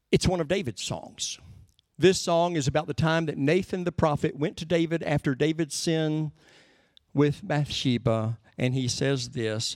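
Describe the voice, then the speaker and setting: A man preaching with earnest, conversational warmth, leaning on key words by drawing them out slowly. His voice sits a little high for a man, and the sound is close and dry, with no room echo. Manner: earnest, conversational teaching with slow emphasis. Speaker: pastor. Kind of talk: sermon.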